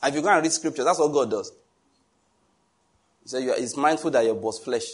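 A man's voice: medium pitch, fairly quick, slightly rough. A middle-aged male pastor preaching a sermon, telling stories with a jovial, teasing manner and frequent chuckles. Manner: teasing, animated asides.

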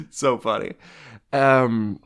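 A man hosting his own podcast, telling a story in a loose, animated way. He laughs often, acts out the people he quotes, and swears freely. His voice sits at a middle pitch and sounds dry and close to the mic. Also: very slow, no echo. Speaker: podcast host. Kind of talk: casual solo storytelling.

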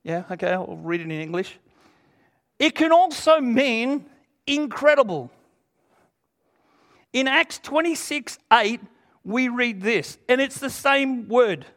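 A man's voice: very high voice, expressive, slow, pauses often, fairly bright tone. A man preaching a sermon to a congregation, earnest and emphatic, retelling scripture in everyday speech.

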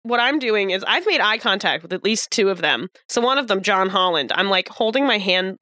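A woman co-hosting a podcast, telling a story with lively swearing and acted-out dialogue in casual chat. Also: mid-range voice, brisk, no echo, clean studio sound. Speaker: podcast co-host.

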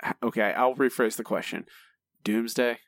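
A man's voice: medium pitch, normal speed, a bit bright, dry recording. Guy rambling on his podcast, lots of restarts, dry close sound. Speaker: podcast co-host. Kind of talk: casual chat.

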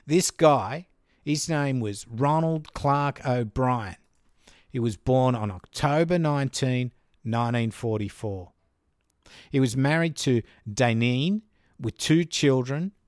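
A man's voice: medium pitch, no room sound, studio quality. A man with an Australian accent hosting and narrating a true crime podcast in a conversational way, with joking asides. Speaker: podcast host.

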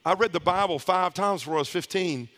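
A man giving a personal testimony at a men's conference, a lively storyteller who acts out the voices of the people in his story. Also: sits high, fairly quick. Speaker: conference speaker.

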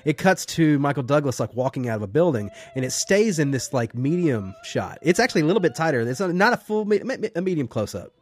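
A man's voice: fairly high pitch, sing-song, fast, few pauses. A man co-hosting a casual film podcast, gushing with enthusiasm and swearing freely. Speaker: podcast co-host.

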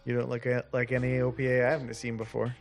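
A man's voice: medium pitch, completely flat delivery, fast talker, creaky, faint music behind, lightly acted. A man doing a wary woman gang boss. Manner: guarded, businesslike.

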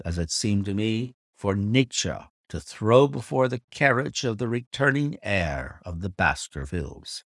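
A man reading a classic novel aloud as an audiobook narrator, in measured, expressive storytelling. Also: fairly low pitch, no room sound, studio quality. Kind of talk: scripted narration.

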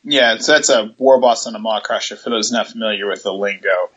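A man's voice: lowish voice, brisk, fairly bright tone, slightly rough. A man in casual hobby chat, explaining steadily and listing items with some fillers. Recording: dull lo-fi audio.

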